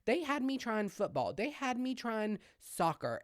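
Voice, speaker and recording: Talking a little slowly with few pauses, a young man from Louisiana hosts his comedy podcast alone on a home-made set with a hung backdrop. His Southern-twanged chat is gossipy and self-deprecating, with lively pitch and volume shifts, recorded clean with no echo.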